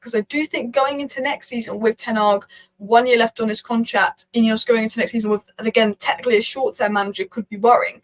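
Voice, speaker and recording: A woman hosting her own football channel, giving rapid, opinionated commentary and thinking aloud as she talks. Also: a little high, rough recording. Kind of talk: casual talking-head commentary.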